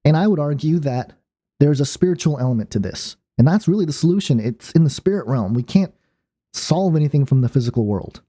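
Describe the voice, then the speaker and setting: Male channel host, dark mellow tone, casual rambling monologue with restarts. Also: on the high side, lively intonation, fairly quick. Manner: rambling, many fillers and restarts.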